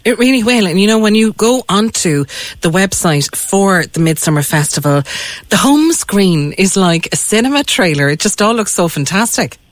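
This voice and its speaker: A woman's voice: medium pitch, animated, normal speed, dry recording. A woman hosting a local radio show, enthusiastic and gushing as she talks to listeners and guests. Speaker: radio host. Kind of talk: bright local radio presenting. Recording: dry studio sound.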